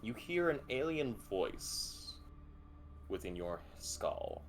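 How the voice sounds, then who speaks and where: A man narrating a tabletop game as game master, vivid and expressive, with some swearing. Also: mid-range voice, takes it slowly, a little hiss or hum.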